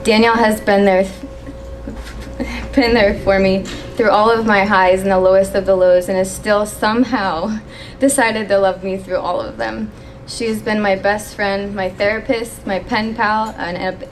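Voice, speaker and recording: A young woman giving a maid of honor toast at a wedding reception, reading from her phone and pausing when she gets emotional. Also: medium pitch, a little hiss or hum. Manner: emotional, pausing to steady herself.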